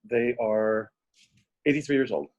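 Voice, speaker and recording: A man's voice: mid-range voice, unhurried, darkish tone, muffled recording. A man taking part as a student in an online class, carefully reading out sentences and their translations.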